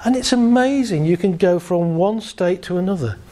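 A man working as a therapist, calmly guiding a group through a visualization exercise and laughing lightly between points. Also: high-pitched, moderate pace.

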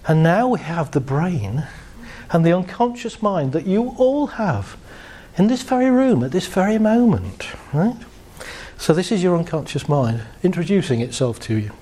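A man's voice: sits high, moderate pace. A man giving a playful live motivational talk to an audience, telling jokes and stories. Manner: playful, joking, animated storytelling. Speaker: motivational speaker.

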